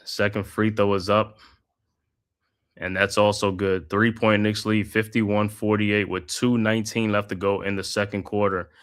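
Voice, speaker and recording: A man hosting a live watch-party stream, calling the game play by play in a steady flow with casual slang asides. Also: fairly low pitch, normal speed, smooth. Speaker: host.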